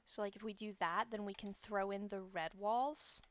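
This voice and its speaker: A woman's voice: mid-range voice, fairly even intonation, normal speed, a bit bright, no echo. A woman streamer chatting casually and thinking aloud as she builds in a game, correcting herself as she goes, close to the microphone. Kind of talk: casual gameplay commentary.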